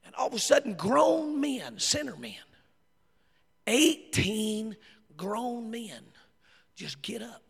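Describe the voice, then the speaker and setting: A man with a Southern US accent preaching a sermon, telling stories with laughter and rising to shouts. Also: very high voice, big pitch swings, moderate pace, vocal fry, hardly any pauses, husky. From American South. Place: church sanctuary. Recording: long hall reverb.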